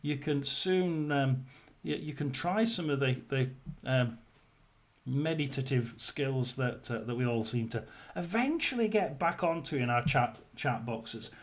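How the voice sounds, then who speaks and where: Rambling, throat-clearing livestream host, a man. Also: medium pitch, measured pace. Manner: tells jokes to the chat. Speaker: host of a live tarot chat stream. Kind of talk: casual live-stream chat.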